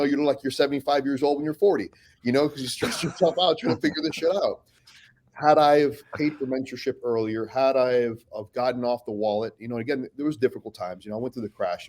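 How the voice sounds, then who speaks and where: A man in the middle pitch range of men, speaking as a podcast guest. He talks bluntly and swears freely. His storytelling is animated, with frequent restarts. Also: fast talker. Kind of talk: casual podcast talk.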